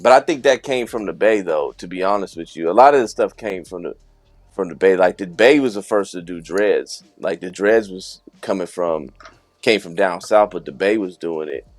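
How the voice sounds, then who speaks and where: A man's voice: deep voice, moderate pace, no echo, soft background music. A man co-hosting a podcast, telling stories in casual chat. He acts out quoted dialogue and laughs often. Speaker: podcast co-host.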